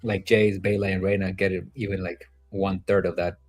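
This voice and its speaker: A man's voice: low-pitched, flat delivery, normal speed. A man co-hosting a podcast, talking in a hesitant, laid-back way full of fillers as he reviews an episode. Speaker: podcast co-host. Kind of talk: casual TV recap chat.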